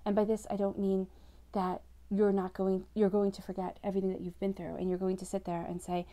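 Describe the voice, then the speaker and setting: Gravelly-voiced woman giving a tarot reading. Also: medium pitch, flat delivery, a little fast, warm tone. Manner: flowing, reassuring, addresses listener directly. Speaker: tarot reader. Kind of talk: scripted-free spoken tarot reading to camera.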